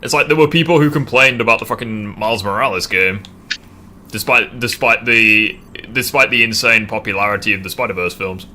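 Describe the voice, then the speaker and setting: Male gaming streamer, crisp bright tone, casual and jokey, faint room noise. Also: on the low side, a little fast. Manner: joking, swears freely. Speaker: streamer host. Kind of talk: casual livestream chat while gaming.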